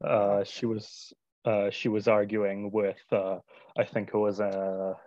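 A young man talks as a guest, hesitant and pausing often on filler sounds. His voice is fairly low, and the audio is dull and lo-fi with no room echo. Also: level tone, darkish tone. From United Kingdom. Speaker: interview guest. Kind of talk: casual conversational interview.

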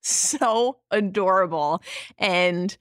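Animated woman co-hosting a recap. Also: medium pitch, very slow, clean tone, no room sound, studio quality. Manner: animated, wry, swears casually. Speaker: podcast co-host. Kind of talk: casual recap chat.

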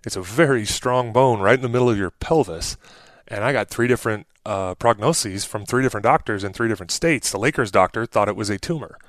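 Lively, chatty man in his forties. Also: lowish voice, brisk, no echo. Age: 40s. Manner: animated storyteller who acts out quotes, with a sarcastic streak. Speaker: podcast guest, former pro basketball player. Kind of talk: casual interview conversation.

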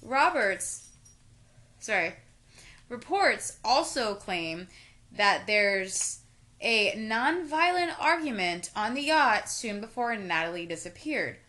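A woman's voice: a little high, big pitch swings, slow pace, pushed and bright. A woman co-hosting a casual chat, jokey and sarcastic, reading out details and adding her own asides. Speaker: podcast co-host. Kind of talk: casual true-crime chat over wine.

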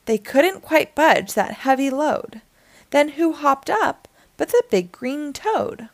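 A woman reading a children's picture book aloud in an expressive, sing-song storytelling manner. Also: high-pitched, slow pace, no room sound.

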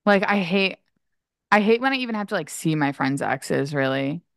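A woman's voice: lowish voice, expressive, normal speed, creaky, no room sound, studio quality. A young woman co-hosting a podcast, chatting casually and peppering her talk with "like". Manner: chatty, lots of "like" fillers. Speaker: podcast co-host. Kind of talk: casual chat.

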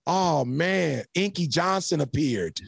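A man telling a story as a podcast guest with preacher-like energy, building to shouts and laughing often. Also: a little high, expressive, takes it slowly, vocal fry, husky, dry recording, studio quality. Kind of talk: animated motivational storytelling.

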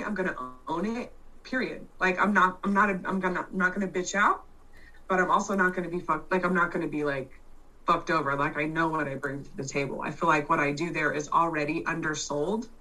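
A woman in casual chat, loud and blunt, swearing freely and restarting her sentences as she tells a story. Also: on the low side, steady tone, fairly quick, far from the mic, low-quality recording.

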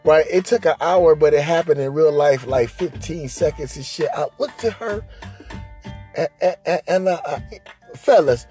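A man's voice: on the high side, a little slow, dark tone, faint music behind. A man hosting a podcast, telling a crude comic story in a rambling, repetitive way and often checking in with the listener. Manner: rambling, repetitive, keeps asking "right?". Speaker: podcast host. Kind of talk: profane comic storytelling monologue.

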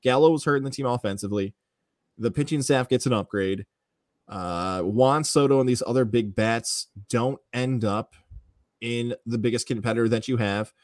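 A man's voice: mid-range voice, moderate pace, a little mellow, dry recording, clean studio sound. A man hosting a sports radio show, giving a confident, punchy rundown of the team and reading ads. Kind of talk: sports analysis and ad reads.

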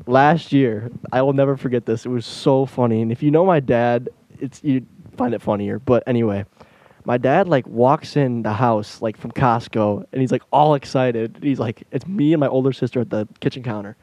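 A man's voice: mid-range voice, normal speed, dry recording. A young man hosting a casual chat, telling funny family stories with lots of laughter. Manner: animated storyteller, laughs while telling stories. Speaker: podcast host.

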